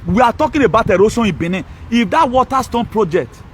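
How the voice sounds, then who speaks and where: A man's voice: high-pitched, lively intonation, fast, a little hiss or hum, poor audio. A man, ranting scornfully and combatively in a political video monologue. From Nigeria. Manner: scornful, combative, mocking, with frequent laughs. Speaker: social media commentator.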